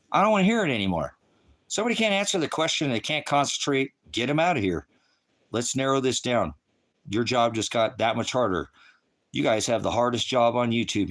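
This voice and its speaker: This American man has a medium-pitched, fairly bright voice. Preaching on a livestream, he fires back at the chat with insults and profanity, repeating himself as he rambles through a combative rant.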